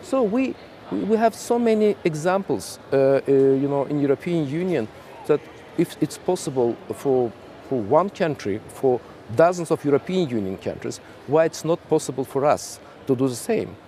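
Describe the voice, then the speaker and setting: A man from Azerbaijan speaks measured, diplomatic English with a mellow, dark tone at a mid pitch. Faint noise lies under his voice. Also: animated. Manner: measured, diplomatic, non-native English with fillers. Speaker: ambassador. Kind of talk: round table discussion.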